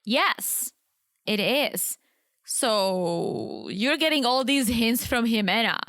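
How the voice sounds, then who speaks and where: A woman's voice: a little high, animated, takes it slowly, fairly bright tone, dry recording. A woman co-hosting a podcast, chatting casually and sarcastically while recapping a reality show. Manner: sarcastic, laughs often. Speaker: podcast co-host.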